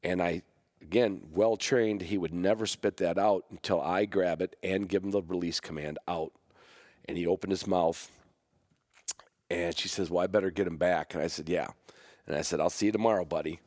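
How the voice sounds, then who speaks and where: A man hosting a podcast, telling a personal story about his dog in a rambling, halting way, with many restarts. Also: low-pitched, steady tone, darkish tone, no echo, clean studio sound. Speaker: podcast host; hunting dog trainer.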